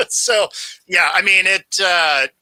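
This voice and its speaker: A man co-hosting a sports talk show, lively and quick to laugh in a casual chat. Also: sits high, low-quality recording.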